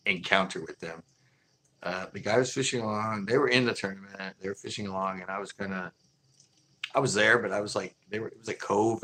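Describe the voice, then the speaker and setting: Relaxed man, lowish voice, chatty storytelling, frequent laughs, faint hum behind. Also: rough recording. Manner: laid-back, laughs often, acts out quoted arguments. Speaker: fishing channel host. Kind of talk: casual storytelling.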